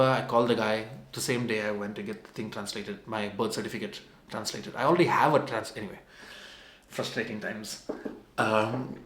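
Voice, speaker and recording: A man's voice: mid-range voice, fairly bright tone. A young adult man telling a personal story as a vlogger, in a meandering, conversational and self-mocking way. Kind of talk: casual storytelling. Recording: roomy echo.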